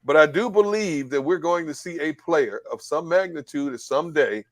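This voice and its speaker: A man on a casual sports talk panel, talking in a measured way and often repeating words as he starts a sentence. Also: on the high side, no echo, clean studio sound.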